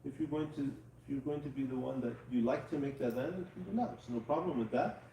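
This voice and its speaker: A man's voice: mid-range voice, fast, warm tone, slight background noise. A man teaching a live class, patiently checking that students follow. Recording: echoey room, mic far off.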